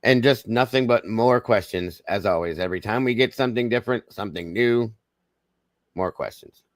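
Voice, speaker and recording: With a Southern drawl reflecting his roots in the Southern United States, a man hosting a casual livestream calls out his chatters by name in a relaxed, folksy way. He talks at a moderate pace in a low voice, and the audio is dry and close-miked with no room echo.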